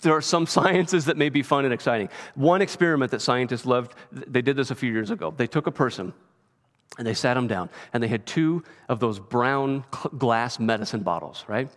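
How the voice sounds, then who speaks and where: A man's voice: mid-range voice, fairly quick, fairly bright tone. A man preaching a sermon as a pastor, in a conversational way and often checking in with "right?". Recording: long reverb of a large hall.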